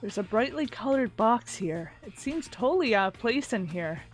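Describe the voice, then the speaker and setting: A woman's voice: on the high side, animated, moderate pace, soft background music, pitched below the performer's own voice, natural voice. A woman reading a nervous schoolboy narrator. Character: nervous, earnest teenage boy narrator. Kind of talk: reading game narration aloud.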